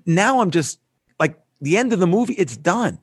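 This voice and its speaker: A man's voice: sits high, moderate pace, breathy edge, dry recording, studio quality. A man telling a story as a podcast guest, acting out the dialogue with animation. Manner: animated storyteller who acts out quoted dialogue.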